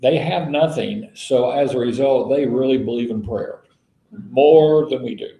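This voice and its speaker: A man's voice: medium pitch, a little slow, dark tone. Bible study leader, male, folksy storyteller, roomy echo on the recording. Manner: folksy storytelling, spells words out letter by letter. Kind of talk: casual teaching talk to a small group.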